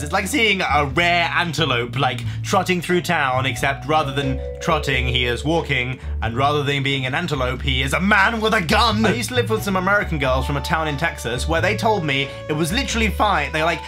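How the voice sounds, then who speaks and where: A man's voice: on the high side, expressive, a little fast, pushed and bright, faint music behind. A young man with an English accent, talking to camera in a playful comedic vlog with silly made-up words. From England. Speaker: YouTube vlogger.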